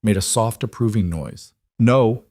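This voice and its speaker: A man narrates a romance story in a measured, steady voice. His tone sits low and close to the mic. There is no room sound at all, just dry studio narration. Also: no room sound. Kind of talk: scripted romance audiobook narration.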